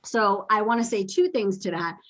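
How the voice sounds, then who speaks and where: A woman hosting a podcast, telling stories in a chatty, animated way with quick asides. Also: medium pitch, low-quality recording. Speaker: podcast host and dog trainer. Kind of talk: casual podcast conversation.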